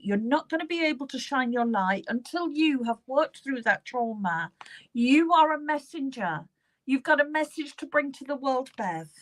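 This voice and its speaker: A British woman gives live psychic card readings, her voice sitting a little high. She talks steadily and reassuringly, circling back to the same phrases and the client's name as she draws cards. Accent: British English. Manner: warm, reassuring, repeats names and phrases while drawing cards.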